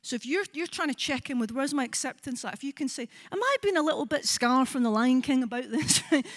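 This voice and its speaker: A Scottish woman in her forties, a psychologist giving a conference talk, lively and engaging, often checking in with the audience. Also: high voice, fairly quick. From Scotland. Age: 40s. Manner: lively, asks the audience with frequent "right?" and acts out quoted voices. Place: conference hall.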